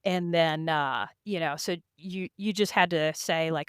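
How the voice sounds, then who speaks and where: Chatty woman guest, low-ish, very smooth clear tone, laughs often. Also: a little slow, few pauses, dry recording, studio quality. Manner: chatty, laughing, full of "you know" and "like". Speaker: podcast guest, endurance race rider. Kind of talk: casual interview storytelling.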